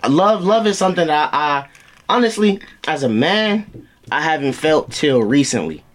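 A young man co-hosting a casual podcast among friends, halting and restarting his sentences. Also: a little high, animated. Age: young adult. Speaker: podcast co-host. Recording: friends chattering over each other.

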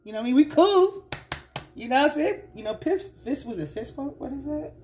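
A woman's voice: high voice, expressive, a little fast, a little hiss or hum. A woman giving a casual tarot reading to her viewers, chatty and slangy, teasing and scolding the listener and often asking "you know what I'm saying?". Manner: teasing and scolding the listener with sudden loud bursts. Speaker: tarot reader.

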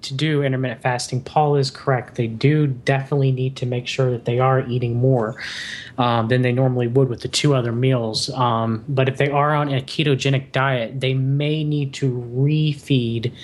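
A man's voice: mid-range voice, steady tone, moderate pace. A man on a podcast as a guest, explaining things in long, winding runs of casual chat.

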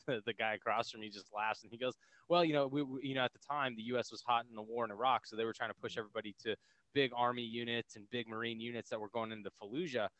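A man in his thirties from the United States, a podcast guest telling his story in an energetic, casual way and acting out other people's lines. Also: medium pitch, dry recording. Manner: energetic, laughing, acts out quotes. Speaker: podcast guest, military veteran.

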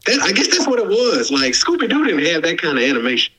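A man co-hosting a podcast, chatting in a rambling, animated way. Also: on the high side, fast talker, husky, low-quality recording. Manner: animated, rambling, with laughs and restarts. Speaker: podcast co-host. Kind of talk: casual chat.

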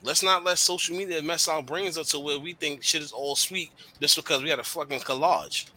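A young man hosts a casual podcast and speaks bluntly about relationships. His voice is very bright, and his talk is loose, slangy and full of swearing. He gets animated as he makes his points. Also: on the high side, fairly quick. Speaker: podcast host.

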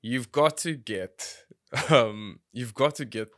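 Bright-voiced man chatting about films. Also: medium pitch, slow pace, no room sound, studio quality. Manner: laughing, swearing, lively asides. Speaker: podcast co-host. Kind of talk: casual film chat.

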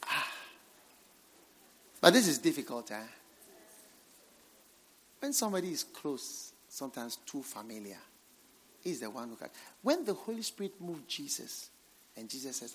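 Fiery male preacher swinging quiet to loud. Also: sits high. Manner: dramatic swings between hushed and shouted lines; repeats phrases for emphasis. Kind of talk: revival sermon.

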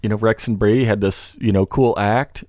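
Low-voiced rambling man on a podcast. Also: fairly even intonation, moderate pace, darkish tone, no echo, studio quality. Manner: rambling, many restarts and "you know" fillers. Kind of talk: casual podcast conversation.

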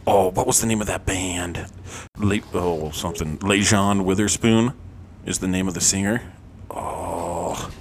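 A man's voice: on the low side, slight background noise. A man hosting a podcast, telling a personal story in a rambling, profane, self-deprecating way, with lots of "um"s. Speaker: podcast host. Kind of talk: casual storytelling monologue.

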